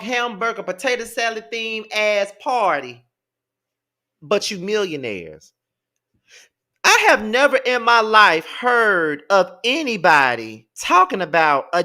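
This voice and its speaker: Man, commentator, casual rant, sassy, profane, emphatic, bright tone. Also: high voice.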